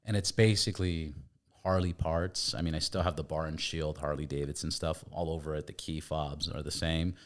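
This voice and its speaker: A man's voice: extremely low pitch, little pitch movement, moderate pace. A man hosting a podcast, chatting casually and with enthusiasm about motorcycles. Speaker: podcast host. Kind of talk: casual chat.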